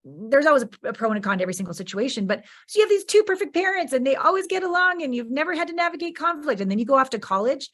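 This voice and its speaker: A woman's voice: high-pitched, very animated, racing, few pauses, fairly bright tone. A woman hosting a podcast interview, talking in an encouraging, outspoken and affirming way. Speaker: podcast host. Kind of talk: conversational interview.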